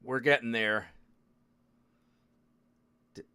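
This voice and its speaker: A man's voice: mid-range voice, fairly even intonation, very slow, pushed and bright, clear, resonant tone. A man hosting a live stream, muttering and swearing in frustration as he struggles with apps. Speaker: streamer host. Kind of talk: casual live-stream chat.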